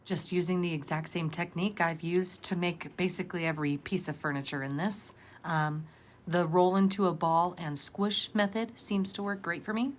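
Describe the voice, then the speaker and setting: A woman's voice: on the low side, slight background noise. A woman vlogger narrating a casual crafting tutorial in a rambling, chatty, self-deprecating way.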